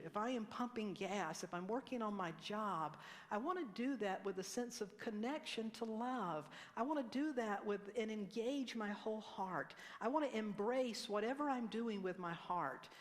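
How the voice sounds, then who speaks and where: Woman minister preaching in a reverberant sanctuary. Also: medium pitch. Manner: conversational and warm, laughs at herself, leads the congregation in responses. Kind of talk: sermon. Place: church sanctuary.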